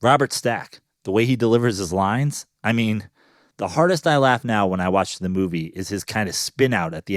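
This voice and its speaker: Brief: lower-pitched male, casual amused commentary, dry close recording. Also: normal speed, dry recording. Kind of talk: audiobook commentary.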